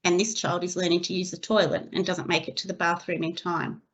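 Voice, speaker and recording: A woman giving a scripted training webinar for early childhood educators, reading her slides in a steady, measured way. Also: fairly low pitch. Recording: slightly dull lo-fi recording.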